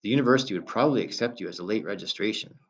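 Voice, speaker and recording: A man's voice: on the low side, very fast, a bit bright, lightly acted. A man voicing a tearful, pleading mother. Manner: pleading, voice cracking. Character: distraught middle-aged mother, pleading then angry. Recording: dull lo-fi recording.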